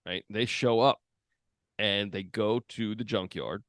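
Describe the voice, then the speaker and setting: A man's voice: lowish voice, a little slow, a bit bright, dry recording, clean studio sound. A man hosting a podcast, chatting casually and retelling film scenes with lots of fillers. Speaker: podcast host.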